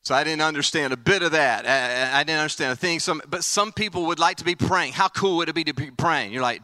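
High, bright-voiced energetic preacher man. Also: fast talker, hardly any pauses, dry recording. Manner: animated, playful, then hushed and earnest. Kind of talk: energetic sermon. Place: camp meeting.

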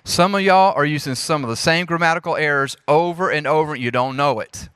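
Southern guy in his 30s preaching to youth, kinda high voice, talks right at the crowd. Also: fairly quick, clear, resonant tone, no room sound, clean studio sound. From Jackson, Mississippi. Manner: lively, preacherly, talks straight to the audience. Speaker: youth ministry speaker. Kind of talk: leadership talk to a youth group.

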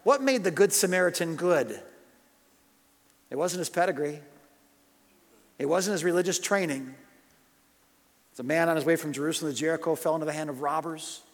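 Impassioned preacher in a reverberant hall. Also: male voice, a little high, normal speed, long pauses. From United States. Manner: impassioned, swinging from loud urgent questions to hushed storytelling. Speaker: pastor. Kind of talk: sermon.

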